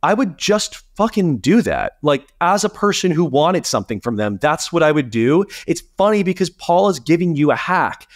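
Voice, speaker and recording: A man co-hosting a podcast in casual chat, talking animatedly and swearing, his pitch jumping up when he gets indignant. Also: sing-song, normal speed, few pauses, no room sound, clean studio sound. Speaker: podcast co-host.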